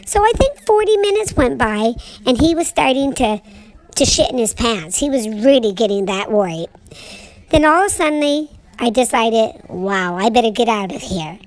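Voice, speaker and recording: A woman's voice: fairly high pitch, lively intonation, normal speed, lightly acted, rough recording. A woman voicing her young male boxer dog, telling a rambling homespun story with stammered restarts. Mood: storytelling. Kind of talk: pet voice-over monologue.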